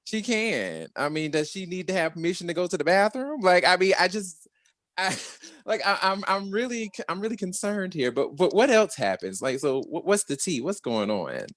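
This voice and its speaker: Sassy, lively man chatting casually. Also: sits high, normal speed, no room sound, clean studio sound. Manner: colloquial and sassy, says honey, lively reactions. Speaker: podcast co-host. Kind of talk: casual chat.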